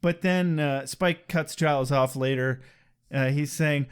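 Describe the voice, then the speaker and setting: A man's voice: a little high, unhurried, smooth. A man co-hosting a podcast, chatting casually and joking, with casual swearing. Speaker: podcast co-host. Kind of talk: casual chat.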